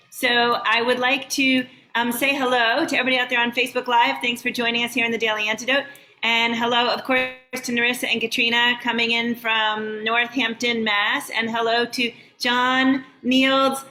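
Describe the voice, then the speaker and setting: A woman hosting a live online show, warmly greeting viewers by name over a video call. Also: a little high. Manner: upbeat, reading out viewer names. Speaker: show host. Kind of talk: live online welcome and shout-outs. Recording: echoey room with faint background noise.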